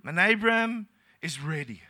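Male South African pastor, bright, higher-pitched, animated storyteller in a church sermon. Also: moderate pace. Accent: South African English. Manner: animated storytelling, laughing often, acting out dialogue.

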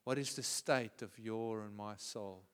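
A male pastor with a South African accent preaching a sermon, swinging from hushed, prayerful tones to loud, passionate cries. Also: fairly low pitch, unhurried, clean tone, in a large hall.

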